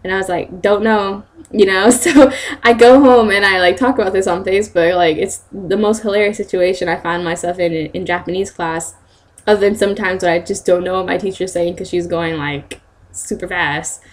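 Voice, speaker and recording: A young woman telling a funny story in a casual vlog, animated and giggly, acting out quotes in bursts of laughter. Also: fairly low pitch, fairly quick. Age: young adult. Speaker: vlogger, student studying abroad in Japan.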